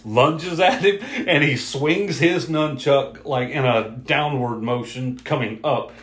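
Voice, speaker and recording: A man in his thirties chatting casually about a film, acting out scenes in high excited voices. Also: slow pace, reverberant. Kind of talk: casual movie discussion.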